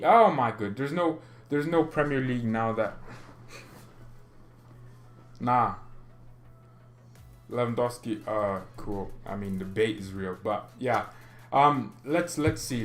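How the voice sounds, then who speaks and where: A man's voice: mid-range voice, lively intonation, slow pace, pauses often. A man hosting a football fan channel, ranting in an exasperated, sarcastic and mocking way. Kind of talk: ranting commentary to camera.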